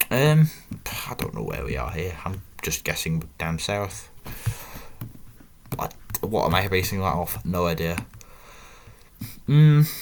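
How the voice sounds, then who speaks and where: A man's voice: fairly low pitch, a little hiss or hum. A young man, chatting casually and putting himself down while thinking aloud over a game. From northern England. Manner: chatty, self-deprecating, thinks aloud with muttered asides. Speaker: gaming video host. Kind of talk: casual gameplay commentary.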